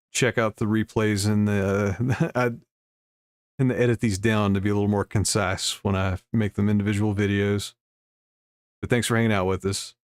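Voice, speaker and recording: Laid-back man with low voice. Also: no echo. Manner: reads news aloud with frequent laughs and asides. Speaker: streamer reading news. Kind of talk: casual livestream commentary.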